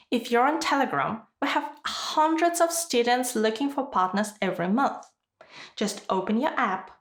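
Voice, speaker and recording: Woman exam tutor, unhurried and clear, slightly high voice, roomy sound. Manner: clear, measured teaching delivery. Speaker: IELTS teacher. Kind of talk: scripted online lesson.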